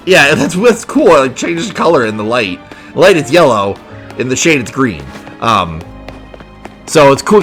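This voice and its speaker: A man talking casually while playing a video game, chatty and excitable. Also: medium pitch. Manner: chatty, excitable, reads game dialogue aloud. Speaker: gaming video host. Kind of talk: casual let's play commentary.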